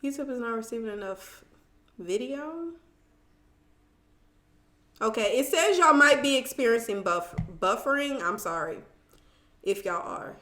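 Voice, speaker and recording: Woman live-stream host, relaxed unhurried delivery, chatty with viewers, recorded in an echoey room. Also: on the high side. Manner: chatty and animated, talks straight to viewers, reads comments aloud. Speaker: live-stream host recapping a reality show. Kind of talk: casual live-stream chat.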